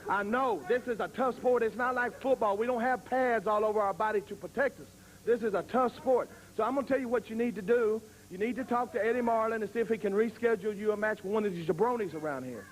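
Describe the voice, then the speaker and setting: A man cuts a wrestling promo, bragging about his experience and warning off a rival in a threatening tone. His voice sits very high for a man. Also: fast talker, poor audio. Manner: boastful and threatening.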